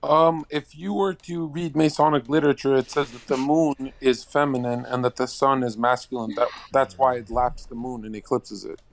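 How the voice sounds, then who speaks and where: A man's voice: medium pitch, steady tone, normal speed, gravelly, hardly any pauses. A man on an online voice call, debating provocatively and laughing at his own jokes.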